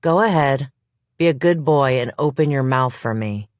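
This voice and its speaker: A narrator voicing a calm, cold woman police detective who speaks in a low, firm, controlled way. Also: normal speed, no room sound, natural voice.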